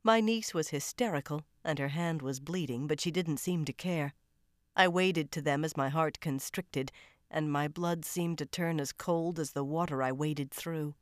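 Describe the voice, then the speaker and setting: A woman's voice: deep voice, moderate pace, dry recording, clean studio sound. A woman narrating a first-person audiobook thriller in a tense, dramatic storytelling manner.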